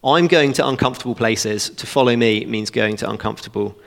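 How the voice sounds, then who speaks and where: A man preaching a sermon, walking through a passage verse by verse in an animated, conversational way with joking asides. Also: medium pitch, brisk, gravelly. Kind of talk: expository sermon. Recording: long reverb of a church hall.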